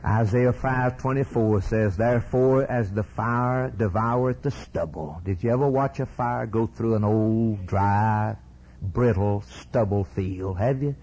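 A man delivers a fiery sermon in a husky, dark voice. He drags some phrases out low and slow, then surges into high, ringing peaks. The recording is dull and lo-fi. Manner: swings from low drawn-out lines to sudden high shouted peaks. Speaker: preacher.

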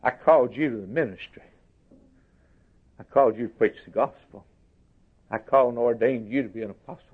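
A man preaching a sermon slowly and emphatically, lifting his voice for quoted scripture. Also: medium pitch, husky. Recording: tinny phone-like recording.

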